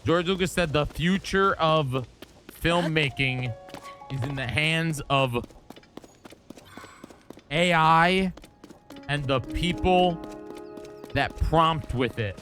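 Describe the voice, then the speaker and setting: A man's voice: fairly high pitch, slow pace, long pauses, fairly bright tone, faint music behind. A man streaming live, chatting casually and rambling through his thoughts with frequent restarts. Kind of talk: casual chat.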